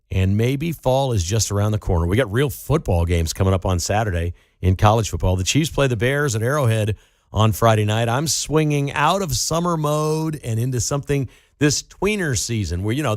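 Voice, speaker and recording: A man's voice: medium pitch, expressive, normal speed, no echo, studio quality. A man hosting a political talk radio show, delivering an opinionated, sarcastic monologue. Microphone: studio microphone.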